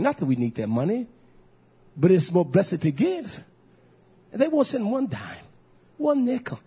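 A husky, high-voiced man preaches a fiery sermon. He surges into shouts, then drops to low muttered asides. The recording sounds dull and lo-fi. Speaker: pastor.

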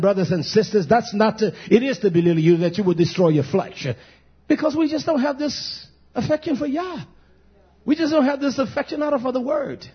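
Husky high-voiced male preacher, lively. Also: muffled recording. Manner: call-and-response preaching, questioning the congregation. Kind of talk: sermon.

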